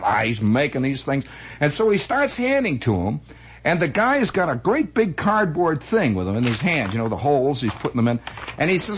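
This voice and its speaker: A man telling comic stories in a rambling, animated way, full of restarts and acted-out voices. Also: high-pitched, fairly quick, slightly rough. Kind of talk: comic storytelling monologue.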